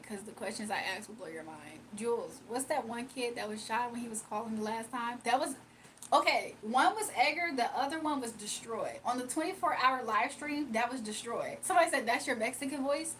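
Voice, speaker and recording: A young woman talks casually to her livestream audience, reading out comments and teasing viewers. Her voice sits slightly high and stays relaxed and playful. A faint background noise runs under the recording. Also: a little fast, low-quality recording. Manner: playful, laughs often, reads chat aloud. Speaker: livestream host.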